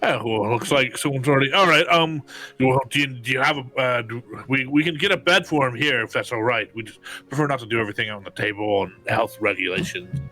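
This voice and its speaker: A man's voice: medium pitch, pushed and bright, soft background music. A man playing a tabletop game, talking in character in a hesitant, apologetic way. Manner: fumbling and apologetic, with a quick laugh. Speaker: player. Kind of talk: tabletop role-play in character.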